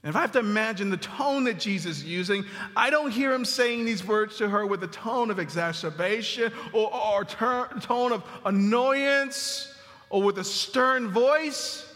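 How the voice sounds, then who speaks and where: A man preaching a sermon in a church sanctuary in a conversational style, repeating phrases for emphasis and dropping to a soft murmur on tender lines. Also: sits high, a little slow. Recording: long hall reverb.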